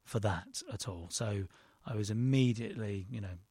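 A man's voice: lowish voice, normal speed, dark tone, slightly rough, no echo, studio quality. A man, a guest in an interview, telling a rambling, self-deprecating story with frequent restarts. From London, England. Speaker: actor and director guest. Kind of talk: casual interview chat.

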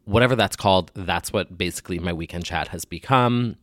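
Low, slightly nasal podcast host. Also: male voice, a little fast, dry recording, clean studio sound. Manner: rambling, joking, crude. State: getting over a sinus infection. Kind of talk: casual solo podcast chat.

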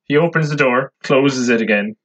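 A man's voice: mid-range voice, normal speed, a bit bright, lo-fi sound. A man co-hosting a podcast, joking and chatting casually. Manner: laughs easily, joking. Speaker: podcast co-host. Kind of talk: casual chat.

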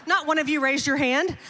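A middle-aged woman pastor preaching a sermon, telling a personal story in an animated, emphatic way with repeated refrains. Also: high voice, slight background noise. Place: large church auditorium. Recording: long hall reverb.

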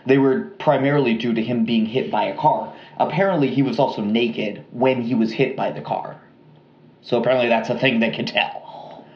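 A man co-hosting a podcast, telling a true crime story in a relaxed, rambling way with lots of fillers and restarts. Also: medium pitch, normal speed, echoey room, lo-fi sound. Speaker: podcast co-host.

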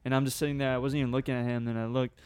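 A young man casually telling a long funny story on a podcast, animated and laughing often. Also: medium pitch, rapid-fire, clear, resonant tone, dry recording, studio quality. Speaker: podcast co-host.

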